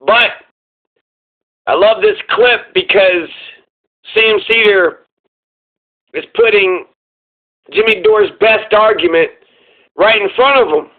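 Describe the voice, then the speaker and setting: Profane high-voiced male commentator, tinny sound. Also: slow pace, pauses often. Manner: profane, heated and sarcastic. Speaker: political commentary host. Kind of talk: casual reaction commentary.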